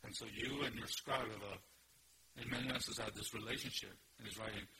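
A man preaching an expository sermon, emphatic, with sudden rises in pitch and loudness. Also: fairly even intonation, moderate pace, gravelly. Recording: noisy recording.

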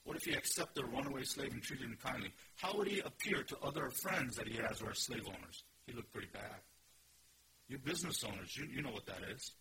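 A man's voice: medium pitch, animated, fairly quick, background noise. A man preaching a sermon, teaching earnestly and emphatically and asking his listeners questions. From Korea. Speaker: pastor. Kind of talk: expository sermon.

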